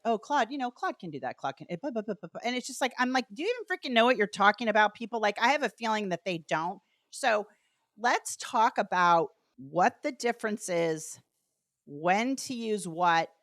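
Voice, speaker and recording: A woman's voice: on the low side, no room sound. Chatty woman hosting a podcast, dry sound. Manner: bubbly, chatty, animated asides. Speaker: podcast host. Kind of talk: casual podcast chat.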